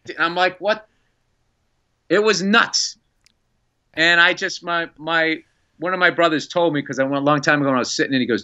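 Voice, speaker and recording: A man, a comedian and podcast guest, telling an animated story in casual chat and acting out the quotes. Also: a little high, moderate pace, pauses often, muffled recording. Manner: animated, excitable storyteller who acts out quotes.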